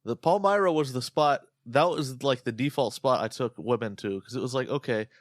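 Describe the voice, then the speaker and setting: A man's voice: mid-range voice, fairly quick, no room sound, clean studio sound. A man co-hosting a podcast, rambling and joking crudely in casual comedic chat. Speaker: podcast co-host.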